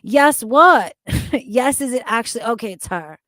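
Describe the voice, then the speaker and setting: A woman's voice: a little high, animated, moderate pace, no echo. A woman streaming casually, talking to her chat, swearing freely and laughing often. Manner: loud, profane, laughing often.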